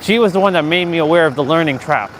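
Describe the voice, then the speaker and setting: A man's voice: a little high, quick pace, a little hiss or hum. A man hosting a casual motivational livestream outdoors, talking earnestly in a rambling way with many fillers and restarts. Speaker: live-stream host.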